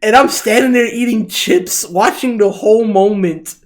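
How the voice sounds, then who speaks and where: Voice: medium pitch, normal speed. A podcast co-host in casual chat, reacting with dramatic, theatrical flair.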